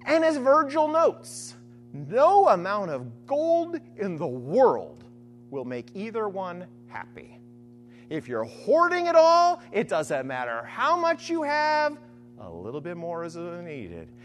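A preacher teaching from scripture in a sermon, animated, often checking in with "right?" and acting out imagined voices. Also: mid-range voice, slow pace, soft background music. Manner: animated, keeps asking "right?". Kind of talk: sermon-style Bible teaching.

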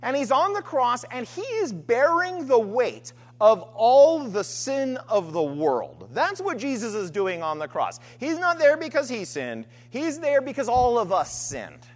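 A woman delivers a sermon with pitch that leaps wildly between high and low. She asks rhetorical questions and circles back to repeated refrains. Her voice rings out with a long reverb, as in a large hall. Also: sing-song, unhurried, hardly any pauses. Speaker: preacher.

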